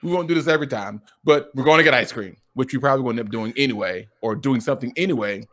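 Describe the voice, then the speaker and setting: A man in a casual, heartfelt chat, talking with lively emotion and frequent restarts. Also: medium pitch, fast talker. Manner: animated, emotional, lots of restarts and quoted dialogue. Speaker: streamer.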